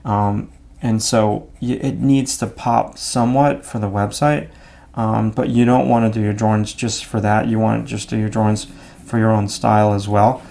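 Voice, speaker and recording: A man explaining his drawing steps out loud as he works, in a relaxed, thinking-aloud way. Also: lowish voice, moderate pace, gravelly. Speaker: art instructor. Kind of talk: drawing demonstration.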